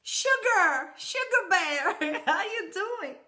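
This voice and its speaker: A syrupy, sweet-talking wife who coos pet names at her husband, pitched high and bright, as a woman preacher puts her on. She gushes and coaxes in a lively, sugary voice. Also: slow pace, roomy sound, full character voice.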